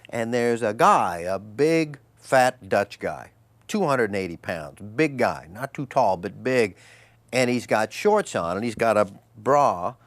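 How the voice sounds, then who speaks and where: A male actor, here as a guest, tells lively stories and mimics the characters in loud, high-pitched voices, with no echo on the recording.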